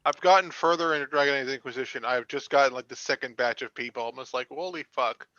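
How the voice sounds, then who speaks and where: A man playing a tabletop game, giggly and excitable in casual banter. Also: medium pitch, fast talker, no room sound. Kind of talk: casual banter between players. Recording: dry, dull lo-fi mic.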